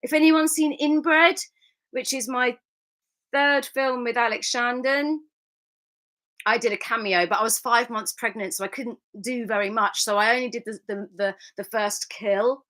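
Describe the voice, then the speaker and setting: A middle-aged actress hosts a live fan Q&A, chatting candidly and reading out viewer comments with frequent laughter. Her voice is fairly high and fairly bright, and she takes her time.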